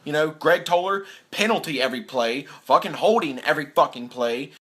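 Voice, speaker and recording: A young man vents as a sports fan vlogger in a bright, forceful voice. He swears freely and slips into mocking impressions of players. His delivery stays animated throughout. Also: fairly high pitch, a little fast. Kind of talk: profane sports rant.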